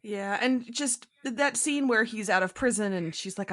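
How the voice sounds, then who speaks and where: A woman co-hosting a casual podcast, joking and laughing as she talks. Her pitch moves up and down in a lively way. The sound is dry and close to the mic. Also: moderate pace, no echo. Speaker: podcast co-host. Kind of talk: casual chat.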